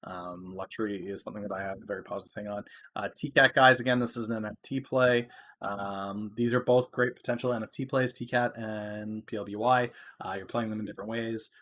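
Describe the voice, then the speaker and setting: A man with a slightly low-pitched voice talks through the stock market on a podcast. He is loose and chatty, fills his talk with "uh" and "um," and gets louder when something excites him. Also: brisk, a little hiss or hum. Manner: loose and talky, many "uh"s, turns loud when excited. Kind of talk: casual market commentary.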